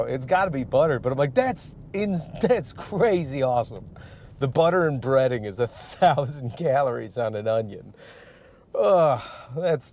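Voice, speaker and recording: A man from Michigan, a stand-up comic hosting his podcast, rambling casually and profanely with frequent laughs while driving. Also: a little mellow. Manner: profane, laughs often, restarts and trails off. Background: faint vehicle rumble.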